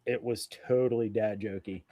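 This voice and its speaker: A man's voice: on the low side, steady tone, moderate pace, mellow, dry recording, clean studio sound. A man co-hosting a live stream in casual chat, loose, profane and self-mocking.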